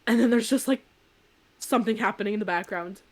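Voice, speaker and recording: A woman's voice: medium pitch, fast. Chatty woman podcast host telling a story. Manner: chatty, peppered with "like", animated retelling. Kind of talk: casual anecdote on a podcast.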